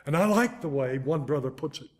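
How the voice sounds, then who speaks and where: An older man preaching a sermon, telling a story with animated, dramatic swings in loudness and pace. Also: fairly high pitch, fairly quick.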